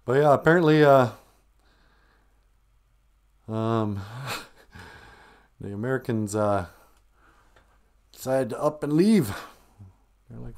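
A man's voice: medium pitch, animated, unhurried, pauses often. Jokey rambling male live-streamer. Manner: jokey, teasing, rambling, trailing off quietly.

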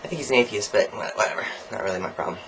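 A young man recording a casual video diary, ranting about college in a campy, sarcastic and profane way, swinging his pitch and volume up and down as he jokes. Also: very fast, noisy background. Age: young adult. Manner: sarcastic, jokey asides. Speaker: college student vlogger.

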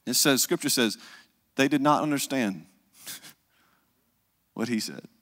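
Pastor, sermon, chatty storytelling, mid-pitched man, long hall reverb. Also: animated, slow, bright, forceful tone. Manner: conversational storytelling, asks "right?" often.

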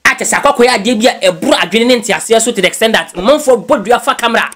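A man from Ghana, a news blogger, giving casual gossip commentary in an animated way and slipping English phrases into his talk. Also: sits high, rapid-fire, hardly any pauses.

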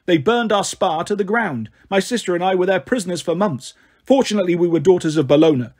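A man's voice: sits high, quick pace, darkish tone. A man voicing a proud, cold woman warrior queen in a storybook reading, commanding and icy.

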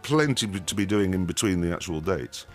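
A man's voice: low-pitched, animated, moderate pace, faint music behind. A man in his fifties from Yorkshire, chatting as a radio guest in a jokey, rambling, self-deprecating way. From Yorkshire, England. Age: 50s. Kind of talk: casual radio chat.

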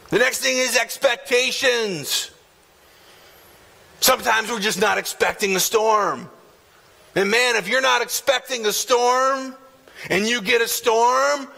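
Bright, gravelly-voiced male preacher. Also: extremely high pitch. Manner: emphatic preaching with repeated "man" and acted quotes. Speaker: pastor. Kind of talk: sermon. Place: church sanctuary.

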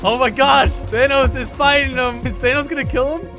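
A man's voice: very high-pitched, fairly even intonation, moderate pace. Hyped young man commentating a game. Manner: hyped, exclaiming, laughing between lines. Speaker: host. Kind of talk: excited gaming commentary. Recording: music playing behind the voice.

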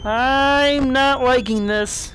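A man voicing a nervous, goofy male frog puppet in a high, thin, nasal voice, commenting jokily and in a panic while he plays in character. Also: fairly even intonation, extremely slow, fairly bright tone, a little hiss or hum, full character voice. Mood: scared. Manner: panicky, jokey, blurts out beep-boop noises. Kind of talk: in-character let's play commentary.

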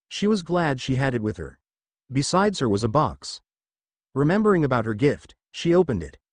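A man's voice: medium pitch, darkish tone, dry recording. A man narrating a fanfiction story as an audiobook, reading expressively with occasional small slips.

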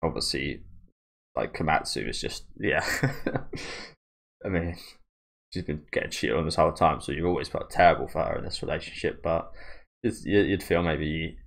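A man's voice: very deep voice, normal speed, vocal fry, long pauses. A man hosting a manga reaction video, talking casually in a rambling, self-deprecating way with many fillers and restarts. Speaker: channel host reacting to a manga.

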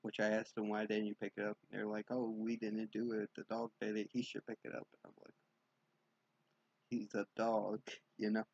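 A young man telling a rambling late-night vlog story, casual and sweary, in a dark room at home. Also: lowish voice, monotone, normal speed, slightly rough, dry recording, dull audio. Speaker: vlogger.

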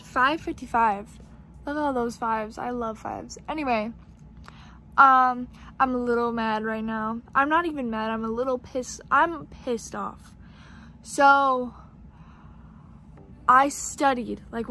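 A woman's voice: a little high, fairly bright tone. A young woman chatting casually in a home vlog, gushing and swearing freely, with lots of "like"s. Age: young adult. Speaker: vlogger.

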